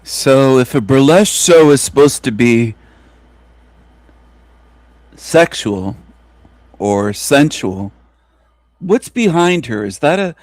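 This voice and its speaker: A man's voice: mid-range voice, no room sound. A man giving mocking reaction commentary on a video, crude and incredulous, often breaking into laughter. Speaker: video reviewer.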